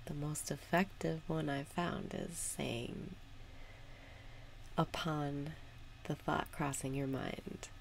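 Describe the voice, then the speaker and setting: A woman guiding a meditation with calm, unhurried spoken instructions. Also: low voice, creaky, a little hiss or hum. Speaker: meditation guide. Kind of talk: guided meditation.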